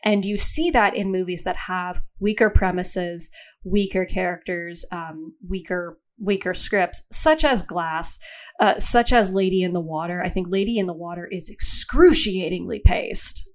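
A woman's voice: lowish voice, unhurried. A young woman talking casually on a podcast. She is candid and profane, and she often breaks off and restarts her sentences. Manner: candid, profane, self-interrupting. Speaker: podcast co-host. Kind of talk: casual chat.

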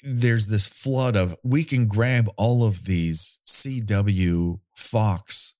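Low-ish guy rambling about horror movies, wry, swears a bit, dry close sound. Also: very slow, darkish tone, no echo. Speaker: podcast co-host.

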